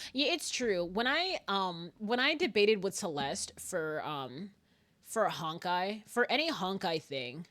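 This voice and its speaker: A woman streamer chatting casually and rambling nervously, with frequent giggles. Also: on the low side. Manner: animated and giggly, frequent laughter; self-described very nervous, rambling with restarts. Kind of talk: casual live-stream chat.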